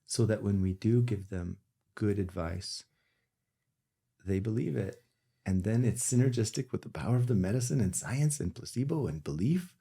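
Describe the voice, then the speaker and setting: Male physician, podcast chat: gravelly and mellow, candid, emphatic bursts. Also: lowish voice. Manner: candid, emphatic, building to passionate outbursts. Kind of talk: podcast conversation.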